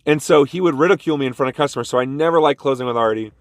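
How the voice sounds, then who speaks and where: A man's voice: mid-range voice, rapid-fire, no echo, clean studio sound. A man telling a casual story about a bad job to his vlog audience, jumping into the voices of the people in it. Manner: animated, jumps into quoted voices. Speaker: vlogger.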